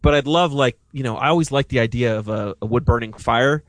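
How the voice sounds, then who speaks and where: A man co-hosting a podcast from his basement, talking casually in halting bursts full of fillers. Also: medium pitch. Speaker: podcast co-host. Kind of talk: casual chat. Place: home basement.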